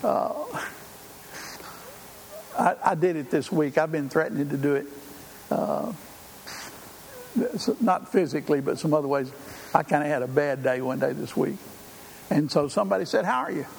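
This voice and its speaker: A man's voice: a little high, moderate pace, vocal fry, pauses often, a little mellow. An older man preaching a sermon in a folksy, conversational way, with frequent fillers. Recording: hall reverb, faint room noise.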